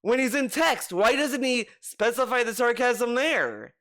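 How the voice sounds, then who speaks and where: A man giving a ranting reaction commentary, sarcastic and exasperated, with plenty of swearing. His voice has a bright, sharp edge throughout. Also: very high-pitched, lively intonation, a little slow. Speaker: commentary YouTuber.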